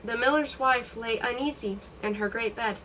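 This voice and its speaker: A woman reading a novel aloud in a steady, expressive storytelling voice. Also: fairly high pitch, normal speed, distant mic, slight background noise, poor audio. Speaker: audiobook reader.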